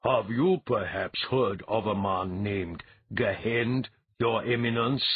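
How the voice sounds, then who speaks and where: A man voicing a shrewd, grave male priest envoy, measured and wry. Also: lowish voice, husky, no room sound, narrow, tinny audio. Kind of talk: audiobook character voice.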